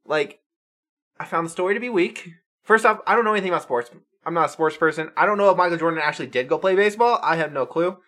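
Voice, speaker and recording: A man in casual chat reviewing a movie, animated, swearing and acting out quick impressions. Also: a little high. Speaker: co-host.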